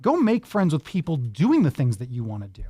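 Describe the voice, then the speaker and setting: A man's voice: medium pitch, wildly swooping pitch, a little fast, dark tone, breathy edge, no room sound, clean studio sound. A man hosting a talk show who interviews children in an enthusiastic, encouraging way and offers them advice. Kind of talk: upbeat interview with kids.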